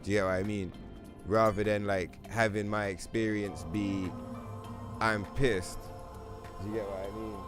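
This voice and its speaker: A man's voice: fairly low pitch, little pitch movement, measured pace, long pauses. A young man hosting a gaming livestream, chatting casually in a loose, rambling, profane way full of fillers. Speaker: livestream host. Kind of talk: casual gaming stream chat. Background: game music.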